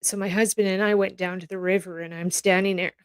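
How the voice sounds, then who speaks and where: A woman's voice: mid-range voice, level tone, fast, clear, resonant tone, no room sound. A woman from Canada hosting a casual commentary from home, telling stories in a rambling, heartfelt way that verges on tears. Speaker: host reacting to news clips.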